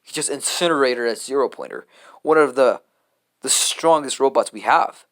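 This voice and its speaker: A man's voice: medium pitch, normal speed, fairly bright tone. A man casually improvising a fan story, rambling and offhand, with lots of fillers and restarts.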